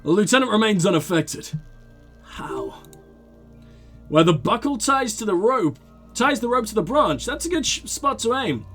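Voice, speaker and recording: A man hosting a video game playthrough reads the narration aloud in a high, lively voice that swings a lot in pitch. He trips over words and backs up to fix them, adding quick remarks of his own. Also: soft background music. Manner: animated, stumbles and corrects himself while reading. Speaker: let's play host. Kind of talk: reading game text aloud with commentary.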